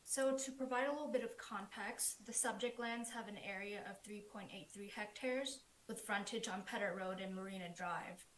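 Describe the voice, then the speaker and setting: A woman's voice: medium pitch, normal speed, few pauses, a bit bright. A woman planner reads steadily through a formal prepared report. Her voice comes over a remote call with a roomy echo and a faint hiss behind it. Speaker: planner presenting a proposal. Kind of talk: formal presentation. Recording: echoey remote call audio.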